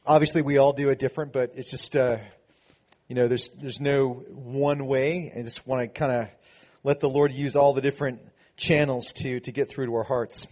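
A man's voice: medium pitch, steady tone, normal speed, a little mellow. A man, a pastor, giving a sermon in a conversational, preaching way, with frequent restarts and emphatic passages.

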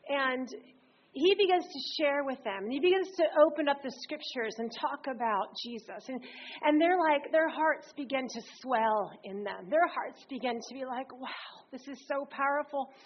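A woman preaching a sermon, telling stories in a lively way and reading scripture aloud with emphasis. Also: high voice, moderate pace. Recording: slightly dull recording.

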